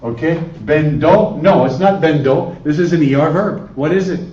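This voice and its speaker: Coaxing Spanish teacher in an echoey classroom. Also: male voice, fairly high pitch, normal speed, darkish tone. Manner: questioning, coaxing students with repeated prompts. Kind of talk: classroom lesson. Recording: echoey room, distant lo-fi camera audio.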